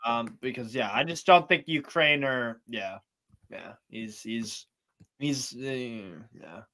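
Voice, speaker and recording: A man's voice: medium pitch, takes it slowly, pushed and bright. A man co-hosting a casual football podcast, teasing and easygoing as he gives his predictions. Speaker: podcast co-host.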